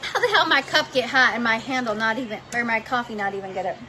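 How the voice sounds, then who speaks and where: A woman's voice: fairly high pitch, fast, bright, forceful tone, a little hiss or hum. A woman talking casually in her home kitchen while cooking with her child, blunt and heated, swearing freely. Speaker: parent vlogger.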